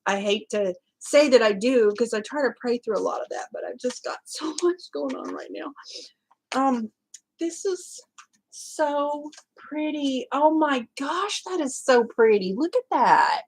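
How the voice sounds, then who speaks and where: A woman hosting her crafting channel unboxes a gift in a casual vlog, gushing and exclaiming while often choked up and close to tears. Her voice is fairly high, expressive, creaky, and slightly rough at normal speed, in a low-quality recording.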